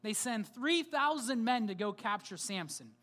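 A woman's voice: fairly high pitch, animated, normal speed, fairly bright tone. Woman preacher, casual storytelling sermon, lots of rhetorical asides.

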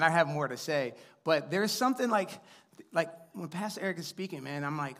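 A man in his thirties preaches in a church, his voice sitting a bit on the high side. He talks in a chatty, upbeat way, full of fillers and friendly asides to the congregation. He is heard through a stage microphone. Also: a little fast, a bit bright. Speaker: guest preacher. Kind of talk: sermon with casual storytelling. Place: church sanctuary before a congregation.

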